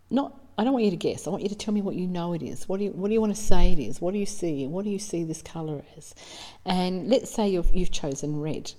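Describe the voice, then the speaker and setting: A woman's voice: fairly low pitch, mellow, in a large hall. A middle-aged Australian woman, a psychic medium, telling stories in casual, earnest talk and acting out bits of dialogue. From South Australia. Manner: earnest, emotional, acts out dialogue.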